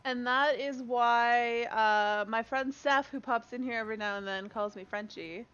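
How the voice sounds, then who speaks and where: Her voice is a little high, a little slow, smooth and fairly bright. This young Canadian woman is casually chatting during a game stream, laughing a lot and talking with both her chat and a friend; the audio has a dull lo-fi quality.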